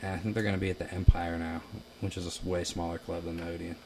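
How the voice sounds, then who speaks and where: Young man, from Ohio, lively storytelling, deep-ish voice, faint room noise. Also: fast. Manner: animated, laughing, acts out quotes loudly. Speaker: musician guest. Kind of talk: casual storytelling chat. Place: basement.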